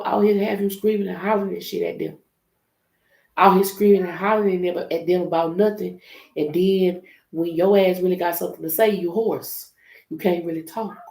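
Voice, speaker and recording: A woman's voice: medium pitch, creaky, darkish tone. A woman hosting a casual live-stream tarot reading, chatty and loose, talking straight to her viewers and swearing freely. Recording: echoey room with faint noise.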